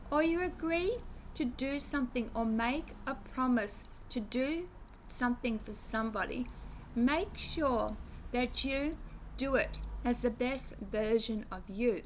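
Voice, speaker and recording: Here the same kind of speaker, a sixty-something English vlogger, moralizes in a slow, fairly high voice. Her reflective monologue is earnest and rambling, full of restarted sentences, and a faint hiss or hum sits under the recording.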